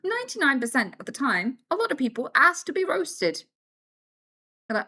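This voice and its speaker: Lively, bright-voiced woman streamer chatting. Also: high-pitched, normal speed. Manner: animated storyteller who acts out other voices; candid, swears freely. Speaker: live streamer. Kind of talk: casual chat answering viewer questions.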